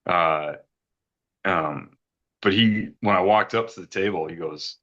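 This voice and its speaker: A middle-aged man with a low, deep voice tells a heartfelt story in an earnest, rambling way. His tone is bright and forceful. He repeats words as emotion catches him, and the recording sounds slightly dull and muffled. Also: unhurried, long pauses. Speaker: retreat guest giving a testimonial.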